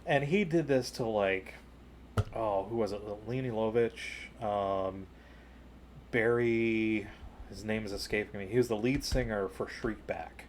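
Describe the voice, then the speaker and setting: A man co-hosting a podcast, telling a long personal story in casual chat, full of "you know" and "like", rising higher and louder at the exciting parts. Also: measured pace, a little hiss or hum. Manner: jumps higher and louder when retelling excited moments. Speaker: podcast co-host.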